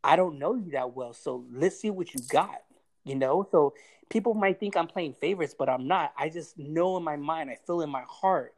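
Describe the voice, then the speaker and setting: A man's voice: fairly high pitch, normal speed, darkish tone. A man on a podcast giving a blunt, heavily profane pep talk in casual chat. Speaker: podcast guest giving advice.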